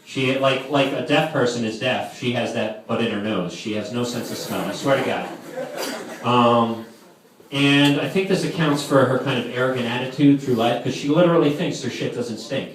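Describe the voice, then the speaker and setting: A man's voice: medium pitch, normal speed, a crowd in the background. Brief: young male stand-up comic, rambling filler-heavy delivery, heard far off in a very echoey hall. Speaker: camp counselor doing stand-up. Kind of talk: live stand-up comedy. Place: camp hall with live audience. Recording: echoey distant room with noise.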